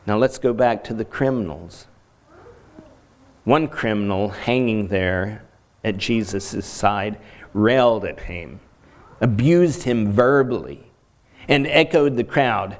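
A man's voice: lowish voice, slow pace, long pauses. A man preaching a solemn sermon, retelling a scripture story with emphatic repetition.

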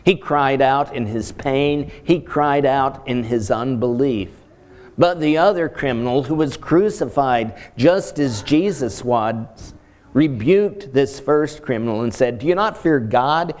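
Slow solemn guy preaching, mid-pitched voice, keeps repeating lines for weight. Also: darkish tone. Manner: slow, solemn, emphatic repetition. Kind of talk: sermon retelling a scripture story.

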